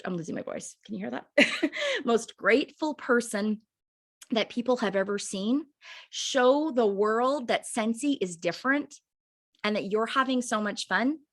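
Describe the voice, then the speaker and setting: A woman's voice: a little high, a bit bright. A woman leading a sales team training over a video call, chatty and fired up, with many fillers and emphatic repeats. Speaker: direct sales team leader training recruits.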